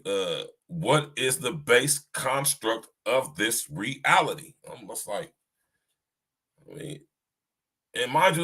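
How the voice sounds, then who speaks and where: A man's voice: medium pitch, bright, forceful tone. A man hosting a podcast and talking casually about faith to his listeners. He often stops to ask "right?", restarts his sentences and repeats himself as he looks for words. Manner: talks to listeners directly, often asks "right?". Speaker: podcast host. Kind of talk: casual spiritual monologue.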